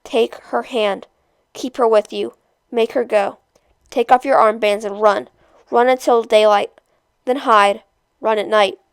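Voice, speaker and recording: A woman reading aloud as a desperate, grieving father who urges the children in a low, pleading voice. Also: steady tone, unhurried, pauses often, clean tone, no echo. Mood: urgent.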